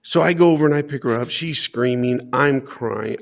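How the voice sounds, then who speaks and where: A man with a gravelly, fry-edged voice tells his own story as an interview guest. He talks earnestly, restarting and repeating words as he gathers his thoughts. His pitch sits in an ordinary middle range. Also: moderate pace, hardly any pauses. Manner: earnest, repeats words while searching for them. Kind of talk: personal storytelling.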